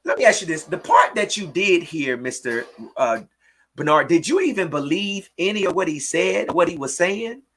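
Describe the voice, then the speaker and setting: A woman hosting a livestream, talking in a fiery preaching way, repeating phrases and shouting in outrage. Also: lowish voice, animated, normal speed, slightly rough. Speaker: livestream host. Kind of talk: impassioned livestream talk.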